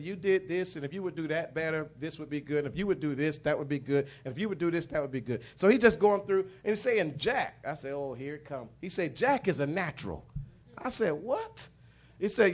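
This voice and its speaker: A middle-aged man, giving a rambling personal testimony as a minister, with many restarts and fillers. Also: on the high side.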